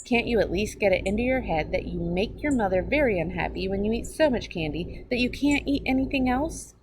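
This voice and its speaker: A woman reading as an earnest storybook father who patiently reasons with his son and keeps pressing his point. His voice swings widely in pitch. Noise hums in the background. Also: lively intonation, brisk, lightly acted. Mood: persuasive. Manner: earnest, persistent.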